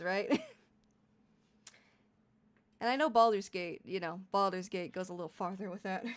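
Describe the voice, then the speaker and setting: A young adult woman chatting casually on a live stream, giggly and rambling, laughing often. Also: mid-range voice. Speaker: VTuber streamer.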